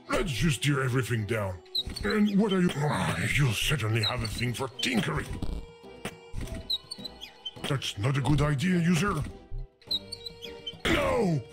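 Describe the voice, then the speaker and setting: Fussy, exasperated talking game. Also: male voice, fairly high pitch, sing-song, a little slow, pauses often. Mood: scolding. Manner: indignant, scolding, panicky outbursts. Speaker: game narrator character. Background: music.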